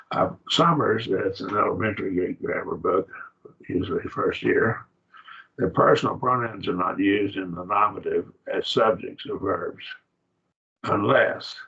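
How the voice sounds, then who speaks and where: A man's voice: fairly low pitch, gravelly, fairly bright tone, muffled recording. A man teaching a Bible class, explaining grammar step by step in a plain lecturing manner. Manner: plain, explanatory, with fillers and restarts.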